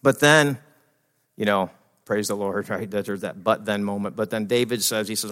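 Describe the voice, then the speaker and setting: Animated preacher in a reverberant church. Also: male voice, on the low side, moderate pace. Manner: animated, acts out panicked inner voices, laughs often. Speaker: pastor. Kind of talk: sermon. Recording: long reverb of a church hall.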